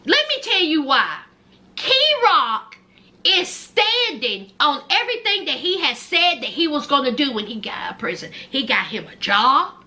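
Woman, sassy reality-show recapper: high, bright voice, swoops up and down as she gossips. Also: sing-song, moderate pace. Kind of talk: animated show recap commentary.

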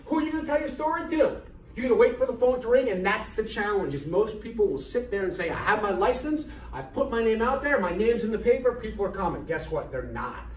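A middle-aged man, a chiropractor, giving an emphatic motivational lecture to business students, repeating key words and firing rhetorical questions. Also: high-pitched. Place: lecture hall at a college. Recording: echoey hall from far off, faint noise.

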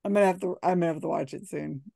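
A woman's voice: on the low side, fairly even intonation, racing, gravelly, dark tone, no echo. A woman playing in an online trivia game, chatting casually and giggling. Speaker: trivia player. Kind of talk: casual chat on a video call.

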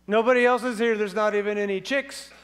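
A fretful male rooster wanders lost through a city at night and frets aloud in a comic, rambling way, as a man puts him on in a sermon. The voice sits higher than plain speech and pushes louder as the worry grows. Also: fairly even intonation, brisk. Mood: worried.

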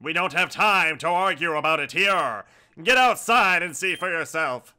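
A man voicing a calm, stern rival male villain leader in a game playthrough, measured and lecturing. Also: on the high side, smooth. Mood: urgent.

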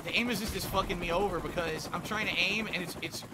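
A man's voice: high voice, quick pace, background noise. A young man commentating his own gameplay, ranting and swearing in exasperation. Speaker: gaming commentator. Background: faint gunfire from the game.

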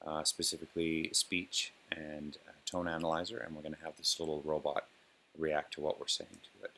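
A man casually walking through a software demo and speaking commands to an on-screen robot, with plenty of ums and uhs. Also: very deep voice, moderate pace, very noisy. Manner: relaxed, filler-heavy, talks plainly to a robot program. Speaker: developer demonstrating software.

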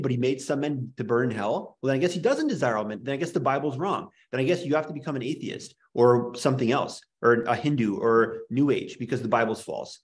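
A man's voice: mid-range voice, expressive, fairly quick, few pauses. A man lecturing a small class in an impassioned, worked-up rant. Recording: echoey room.

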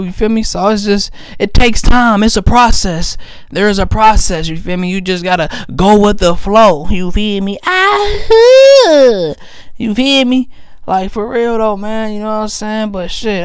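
A man's voice: sits high, clear, resonant tone, no echo, clean studio sound. A young man telling crude, rambling comic stories about his family, swearing heavily, laughing often and repeatedly asking if you feel him. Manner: swears a lot, breaks into laughter. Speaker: comedian. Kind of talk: profane comedic storytelling monologue.

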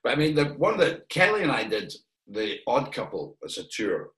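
A man's voice: medium pitch, wildly swooping pitch, normal speed, a bit bright. A Scottish man from Perth, a guest actor, reminiscing in a casual chat and rambling with fillers and restarts. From Perth, Scotland. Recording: echoey room.

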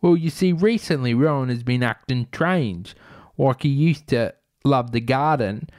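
A man voicing a brash small-time male bomber in a storybook reading, rough and cocky with slangy speech. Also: medium pitch, unhurried, darkish tone, dry recording, studio quality, lightly acted. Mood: explaining.

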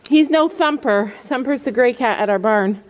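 A woman's voice: on the high side, normal speed. A woman vlogging outdoors at a horse barn, chatting casually, laughing often and cooing in baby talk to the animals, recorded on a handheld camera. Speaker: mom vlogger. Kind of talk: casual vlog chat.

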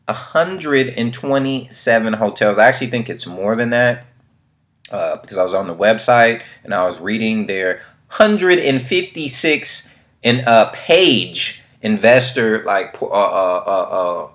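Fairly low in pitch and a bit bright, this Bay Area man's voice is animated yet a little slow as he narrates a casual screen share of a real estate company. Street slang runs through his hype commentary, along with preachy motivational tangents.

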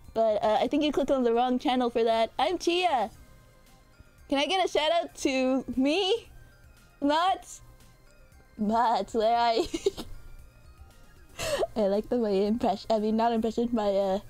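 A woman's voice: sits high, a little mellow. A woman streamer in casual livestream chat, playful and rambling, often correcting herself mid-sentence.

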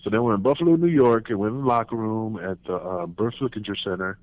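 A man, a former pro wrestler, telling backstage stories in a casual interview, animated and profane, acting out what others said. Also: fairly low pitch, quick pace, dry recording. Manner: animated, profane, acts out quotes in raised voices. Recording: tinny phone line, dry.

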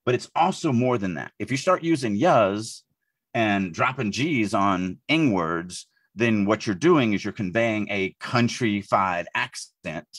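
A man from the Deep South speaks in a husky voice. He co-hosts a casual podcast, thinking aloud with frequent restarts. The recording is dry, with no room sound. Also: animated, measured pace, fairly bright tone, dry recording. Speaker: podcast co-host, writing editor.

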